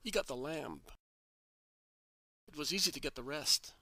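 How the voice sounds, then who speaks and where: A man reading the part of a gentle, kindly male religious teacher, calm and reassuring. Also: a little high, normal speed, dry recording, heavily acted.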